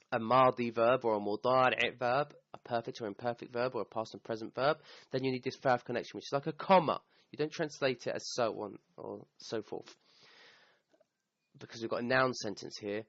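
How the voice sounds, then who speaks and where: A man's voice: medium pitch, a bit bright, no echo. Man teaching grammar over a dull, dry recording. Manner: explanatory, checks in with "okay?", quotes Arabic verses. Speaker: Quran teacher. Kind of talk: recorded Arabic grammar lesson. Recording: slightly dull, dry sound.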